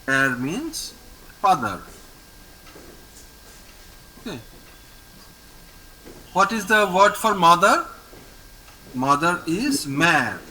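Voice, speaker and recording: Patient, slow-talking teacher with a lively high voice. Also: male voice, slight background noise, poor audio. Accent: Indian English. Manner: patient, repeats each word slowly for the student. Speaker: French teacher. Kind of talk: online language lesson. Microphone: video call.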